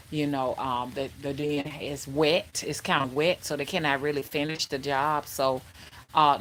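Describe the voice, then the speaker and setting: A woman hosting a casual livestream as a spiritual reader, chatting and greeting viewers by name in a drawn-out, friendly way. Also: a bass voice, fairly bright tone, slight background noise.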